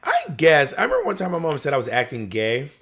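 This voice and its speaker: Animated man telling family stories. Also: on the high side, quick pace. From Southern US. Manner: animated storyteller, acts out quotes. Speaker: podcast co-host. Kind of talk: casual chat.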